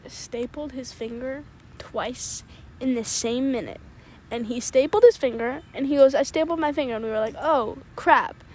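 A young teenage girl telling stories in casual chat, excitable and dramatic, acting out what people said. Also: high voice, normal speed, a little hiss or hum. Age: young teen. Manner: excitable storyteller, dramatic quoting. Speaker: podcast co-host.

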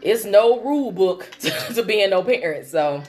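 A woman co-hosting a casual chat, an animated storyteller who laughs often. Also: mid-range voice, normal speed, music in the background.

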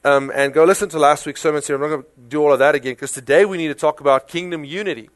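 A man with a South African accent preaching a sermon in a conversational, animated way, full of rhetorical questions. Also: on the high side, racing, dry recording. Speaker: pastor.

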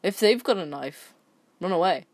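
A woman with a somewhat low voice reads an online story aloud in a loose, chatty way. She stumbles over words and keeps breaking off into rambling, sweary commentary. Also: animated, normal speed. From England. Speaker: story reader.

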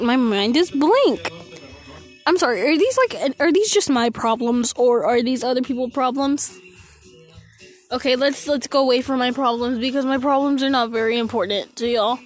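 A fourteen-year-old girl hosting her podcast from her bedroom into a phone, out of breath, rambling and losing her train of thought. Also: high voice. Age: teens. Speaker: podcast host. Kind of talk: casual solo podcast chat.

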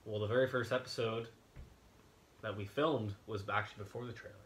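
A man's voice: fairly low pitch, steady tone, brisk, reverberant, a little hiss or hum. A young man hosting a podcast in casual chat, easygoing and curious, asking his co-host questions.

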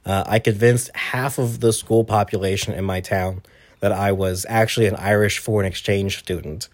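A man's voice: lowish voice, fairly even intonation, moderate pace. A young man chatting casually as a podcast guest, rambling and laughing often. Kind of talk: casual chat.

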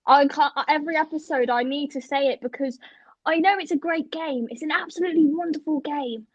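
High-voiced woman co-host, lo-fi. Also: brisk, no echo. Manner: giggly, animated storytelling. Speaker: podcast co-host. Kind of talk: casual chat. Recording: dull lo-fi dry recording.

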